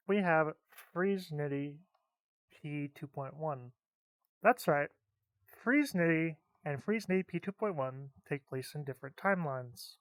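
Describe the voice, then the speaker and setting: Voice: mid-range voice, no room sound. A narrator explaining fan lore in a casual, offhand way.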